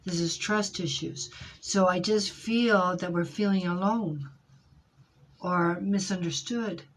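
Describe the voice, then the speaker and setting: A woman with a lowish voice gives a tarot reading at an unhurried, slow pace, feeling her way through each card. She hesitates often and fills pauses while searching for words. A faint noise sits under her voice. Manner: hesitant, searching, many fillers; intuitive, speaks in feelings. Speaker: tarot reader.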